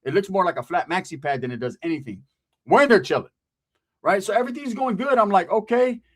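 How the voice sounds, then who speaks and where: A man's voice: sits high, expressive, quick pace, breathy edge. A man from Central California telling a casual street story in a profane, streetwise way, often tagging lines with "right?".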